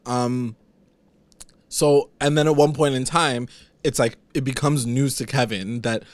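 A man's voice: mid-range voice, steady tone, measured pace, no room sound. A young man casually recapping a TV episode, rambling with lots of filler words and frequent laughs. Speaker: podcast co-host recapping a TV episode. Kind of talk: casual chat.

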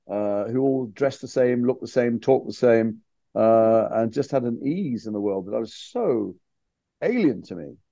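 A man's voice: medium pitch, gravelly, dark tone, dry recording, dull audio. A man from Liverpool, a guest actor telling his story candidly and animatedly in a casual interview chat. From Liverpool, England.

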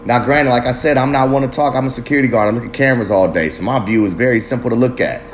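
A man's voice: medium pitch, very fast, a little hiss or hum. Profane laid-back man musing on a podcast. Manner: loose, profane, street slang, rambling reflective. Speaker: podcast host. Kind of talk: casual solo podcast monologue.

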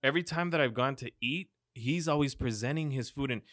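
Man, podcast host, excitable, swears a lot, bright forceful voice, dry close sound. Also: mid-range voice, a little fast, no room sound. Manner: excitable, profane, hyped-up. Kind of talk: casual podcast chat. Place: podcast studio.

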